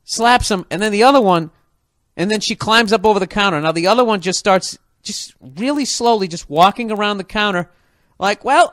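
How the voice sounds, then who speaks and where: A man with a fairly high voice for his sex tells a story as a profane comic rant. He keeps it animated and slips into quick impressions of the people involved. The sound is dry and close, with no room echo.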